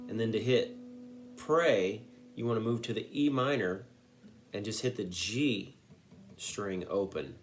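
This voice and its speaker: A man's voice: fairly low pitch, expressive, normal speed. A man teaching a guitar song note by note, patiently walking through each finger move and sometimes singing a lyric. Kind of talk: step-by-step guitar lesson.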